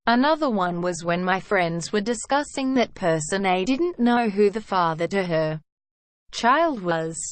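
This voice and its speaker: A woman reading online stories aloud in an even, steady narration, saying "quote" and hashtags as she reads them. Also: medium pitch, no room sound.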